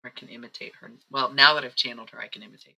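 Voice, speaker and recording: Streaming psychic reader, rambling chat with a gravelly, sharp edge to the voice. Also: medium pitch, fairly even intonation, rapid-fire, poor audio. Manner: rambling, chatty, self-interrupting. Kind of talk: casual live-stream chat.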